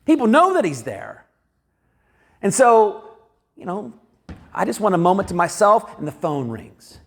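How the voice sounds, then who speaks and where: Lively high-voiced male preacher. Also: a little slow, vocal fry. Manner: conversational, animated, acts out quoted voices. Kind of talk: sermon. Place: church sanctuary.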